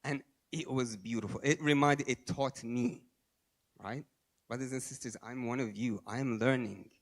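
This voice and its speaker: A man giving a sermon, telling stories and moving between quiet low asides and raised emphatic lines, with Arabic religious phrases mixed in. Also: moderate pace. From Australia. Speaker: speaker at a religious gathering.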